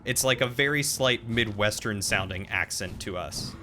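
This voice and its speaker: A man's voice: on the low side, normal speed, pushed and bright, a little hiss or hum. A man streaming a game live, chatting casually, reacting to the fight and answering chat. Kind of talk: live gameplay commentary.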